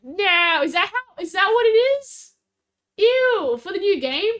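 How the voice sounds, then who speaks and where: A woman's voice: very high-pitched, lively intonation, moderate pace, noisy background. A woman streamer, chatting casually and bubbly with her chat. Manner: bubbly, giggly, talks to chat.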